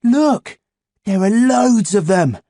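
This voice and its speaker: A man voicing a brash, excitable schoolboy who is whiny and pushy. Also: sits high, normal speed, no echo, studio quality, pitched above the performer's own voice. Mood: whiny, excited.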